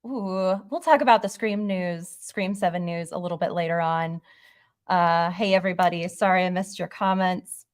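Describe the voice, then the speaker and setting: A woman hosting a horror channel in a casual livestream, talking in an excitable, rambling way. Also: lowish voice, normal speed, clean tone, no echo, studio quality.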